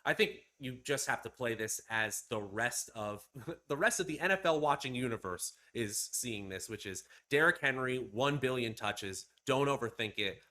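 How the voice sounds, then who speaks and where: A man analysing fantasy football matchups in a measured, casual way, with fillers here and there. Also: medium pitch, animated, bright, forceful tone. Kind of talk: casual sports analysis chat.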